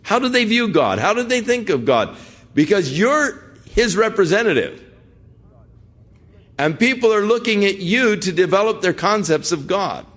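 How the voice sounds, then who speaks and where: A man's voice: sits high, very animated, normal speed, fairly bright tone. An older man, a pastor, teaching through a Bible passage in an earnest, conversational way and putting direct questions to his listeners.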